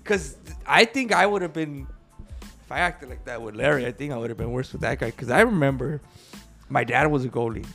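Gravelly, crude joking man. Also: mid-range voice, brisk, a bit bright, soft background music. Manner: joking, crude, teasing, laughs often. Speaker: podcast co-host. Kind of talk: casual banter.

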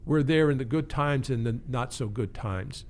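Male pastor in an interview, average pitch, earnest and thoughtful delivery. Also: moderate pace. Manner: earnest, reflective, with frequent restarts. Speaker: pastor and pastoral care teacher. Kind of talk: conversational interview.

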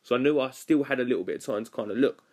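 A man's voice: mid-range voice, racing, a little mellow. Chatty young man telling a story. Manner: rambling, chatty, lots of "like" fillers. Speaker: former cruise ship youth activities worker. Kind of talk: casual storytelling.

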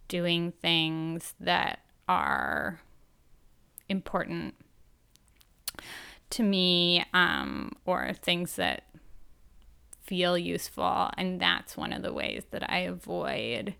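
A woman talks slowly and gently, candid and self-reflective, in a personal monologue. Her voice is bright and smooth, with a noticeable creaky fry at the ends of her phrases. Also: lowish voice, very animated.

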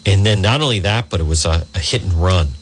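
A man's voice: sits low, fast talker, slight background noise. A middle-aged man hosting a talk radio show, reading a news story aloud and adding indignant asides.

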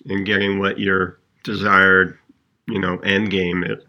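A man co-hosting a podcast, chatting casually and telling stories in an animated way. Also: deep voice, measured pace, gravelly, lo-fi sound. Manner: animated storyteller, chuckles while recounting funny stories. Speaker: podcast co-host. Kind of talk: casual conversational podcast chat.

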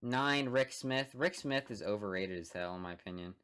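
A man's voice: lowish voice, expressive, moderate pace, fairly bright tone, clean tone. A young man co-hosting a sports podcast in casual chat, running the segments and laughing along. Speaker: podcast co-host.

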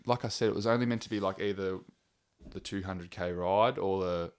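A man's voice: deep voice, fairly even intonation, brisk, smooth. A man co-hosting a podcast, telling stories in a casual, rambling way with lots of swearing. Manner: rambling, swears freely, acts out quotes. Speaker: podcast co-host. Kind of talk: casual storytelling chat.

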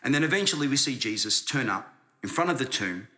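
A man's voice: medium pitch, animated, fast talker, bright, forceful tone. A man preaching a sermon as pastor, earnest and conversational, often restarting his words.

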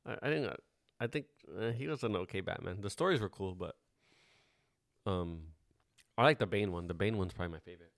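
A man's voice: fairly low pitch, brisk, long pauses, dry recording, clean studio sound. A man in his forties, the host, chatting casually, rambling through stories and swearing often. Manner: laid-back, swears often, rambling storyteller. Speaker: podcast host. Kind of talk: casual chat.

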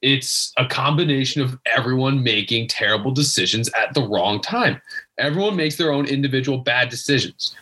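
A man's voice: medium pitch, expressive, normal speed, pushed and bright. A young man ranting as a guest sports fan in casual chat, exasperated and emphatic, repeating himself as he argues. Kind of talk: casual rant.

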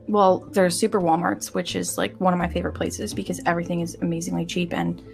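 A woman's voice: lowish voice, fast talker, vocal fry, over music. Bubbly, giggly American woman. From United States. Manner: bubbly, giggly, rambling with fillers. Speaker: podcast host. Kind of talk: casual chat.

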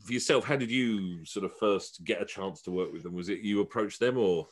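A middle-aged man hosting a podcast, telling anecdotes in a relaxed, chatty way. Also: low voice, fairly quick. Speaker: podcast host. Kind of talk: casual chat.

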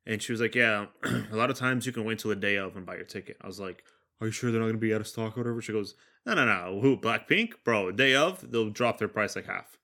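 Young man, podcast co-host, bright tense voice, laid-back chat, laughs a lot. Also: on the low side, fast talker, vocal fry. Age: young adult. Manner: laid-back, laughs often, says "bro". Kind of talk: casual chat.

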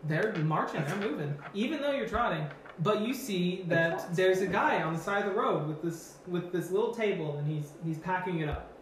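Laughing woman game master, echoey room. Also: fairly low pitch. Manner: lively, laughing, quick asides. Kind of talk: narrating a tabletop game. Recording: echoey room with background noise.

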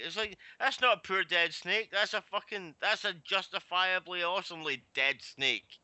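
Sweary, bright-voiced ranting man. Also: high voice, moderate pace, no room sound. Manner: profane, ranting storyteller. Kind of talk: casual chat.

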